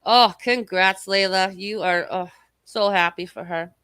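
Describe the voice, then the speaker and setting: At a measured pace, a woman hosting a casual livestream reads out chat and swears freely, mocking rivals as she rambles. Her mid-range voice is a bit bright, clear and resonant, slightly scratchy in the throat, recorded with no echo.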